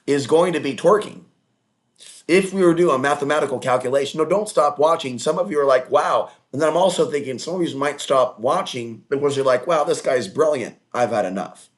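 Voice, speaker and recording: A man hosting his own online talk show in a rambling, crude, digressive monologue with mocking asides. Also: medium pitch.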